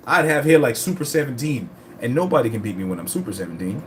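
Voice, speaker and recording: Quick-paced and mid-range in pitch, this man vlogs about his fitness journey against background noise. His casual chat is rambling, profane, and full of animated storytelling.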